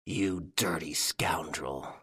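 A man reading the part of an angry, gruff police inspector in an audiobook, speaking in a low, clipped growl. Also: expressive, moderate pace, fairly bright tone, exaggerated voice.

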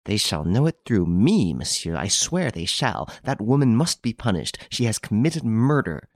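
A man's voice: big pitch swings, normal speed, dry recording, clean studio sound. A man voicing a vengeful woman who accuses her friend of murder, in an audiobook reading. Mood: indignant. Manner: furious, accusing, shifts from shrill to hissing.

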